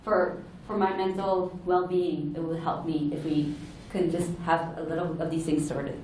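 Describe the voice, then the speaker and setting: A woman's voice: low voice, little pitch movement, moderate pace, a little mellow, distant mic, slight background noise. A woman giving an earnest, explanatory conference talk to a room, sometimes correcting herself mid-sentence. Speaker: conference speaker. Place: large conference hall. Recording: echoey hall, heard from afar.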